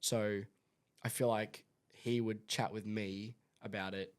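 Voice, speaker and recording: A man's voice: lowish voice, flat delivery, takes it slowly, smooth. A young man, a son chatting on a family podcast, rambling and restarting as he searches for words. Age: young adult. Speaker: son of the host. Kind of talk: casual family podcast chat.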